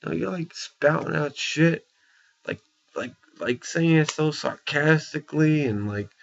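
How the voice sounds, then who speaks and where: A man's voice: on the high side, animated, a little slow, creaky. A man in an angry, profane rant, blunt and repetitive, tagging his points with "okay?" and "you know". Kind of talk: angry opinion rant to camera. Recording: dull lo-fi recording.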